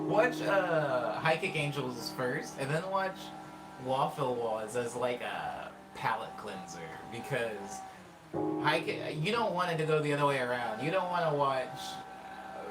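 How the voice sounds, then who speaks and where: A man's voice: fairly high pitch, echoey room, distant mic, poor audio. A man hosting a casual music livestream, chatting and reading viewer comments in a rambling way. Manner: rambling, chatty, quick asides.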